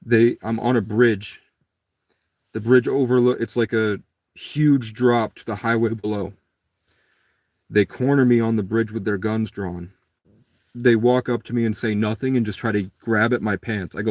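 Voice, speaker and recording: A man's voice: on the low side, steady tone, normal speed, long pauses, darkish tone, dry recording, clean studio sound. A man telling a long personal story in a casual, rambling monologue. He acts out the other people's lines in a raised voice.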